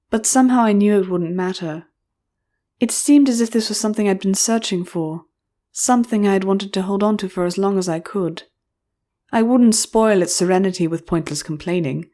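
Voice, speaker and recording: A woman narrating an audiobook in the first person, her voice in an ordinary middle register. She tells the story in a measured, expressive way. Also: mid-range voice.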